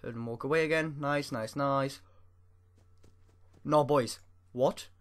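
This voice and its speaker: A man playing a horror game and commenting for his viewers, jittery and excitable, talking to himself as he goes. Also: medium pitch, slow pace, clear, resonant tone. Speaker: gaming YouTuber. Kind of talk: let's-play commentary.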